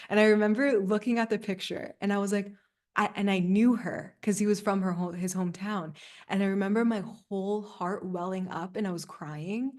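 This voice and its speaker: A woman in her thirties coaching a group over a video call, earnest and soft-spoken, with frequent fillers and little laughs. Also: mid-range voice, a little fast. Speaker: spiritual coach leading a group session. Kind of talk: live community coaching session.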